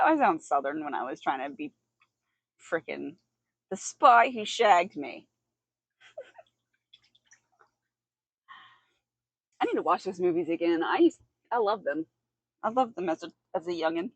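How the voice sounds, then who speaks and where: A woman with a mid-range voice hangs out in an outdoor hot tub on a livestream, chatty and giggly as she responds to her viewers' chat. The recording has no echo.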